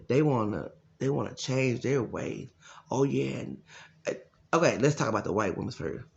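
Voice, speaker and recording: A man talking as a life coach in a blunt, profane, casual rant, telling stories with loud quoted voices. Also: medium pitch, creaky, highs cut off.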